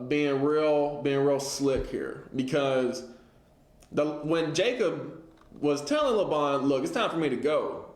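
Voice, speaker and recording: A man teaching a casual Bible lesson, reading scripture and retelling it in everyday slang. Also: a little high. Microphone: livestream setup. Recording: echoey room.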